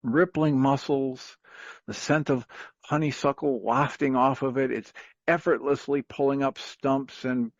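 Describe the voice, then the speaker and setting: A man's voice: medium pitch, steady tone, a little slow, no room sound. Rambling man telling a story on talk radio. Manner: rambling, filler-heavy, chuckles often. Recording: dry, dull lo-fi radio sound.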